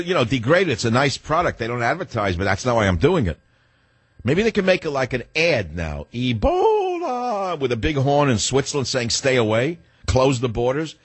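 A man's voice: medium pitch, breathy edge, no echo. An older man hosting a talk radio show, rambling and sardonic, acting out the voices in his head. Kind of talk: talk radio monologue and calls.

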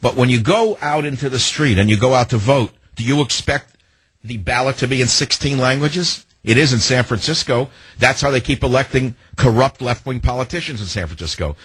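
A male talk radio host tears into his topic with a combative, hectoring delivery. His voice has a slightly husky grain, and he leans on pointed rhetorical questions. The sound is dry and close, as from a studio microphone. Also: medium pitch, fairly quick, a bit bright, dry recording.

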